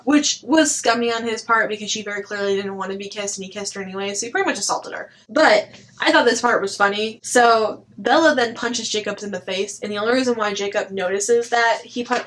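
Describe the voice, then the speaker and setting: A woman's voice: a little high, fairly bright tone, rough recording. A woman chatting casually through a book review, blunt and chatty, swearing now and then and saying "like" a lot.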